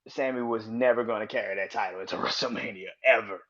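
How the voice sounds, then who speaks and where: A man hosting a podcast, talking through wrestling in a casual, profane, rambling and animated way, in a slightly dull lo-fi recording. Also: lowish voice, fast. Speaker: podcast host.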